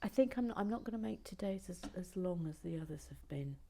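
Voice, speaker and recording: A British woman chatting playfully in a soft, often half-whispered voice as she builds in a chilly garden shed. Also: fairly low pitch, animated, brisk, slight background noise. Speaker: video host building toy bricks. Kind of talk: relaxed build-along chat.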